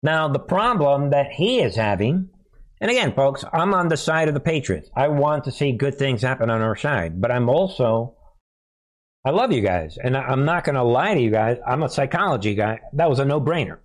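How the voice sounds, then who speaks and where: A man hosting his own political commentary channel, talking casually to viewers, animated and chuckling often. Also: medium pitch, normal speed.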